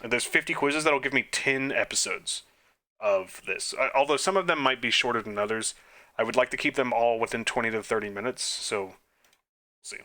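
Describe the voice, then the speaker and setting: Bright-voiced man muttering quiz answers. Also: mid-range voice, a little fast. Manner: muttering answers, self-deprecating, chatty asides. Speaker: quiz game let's player. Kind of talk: casual thinking-aloud gameplay commentary.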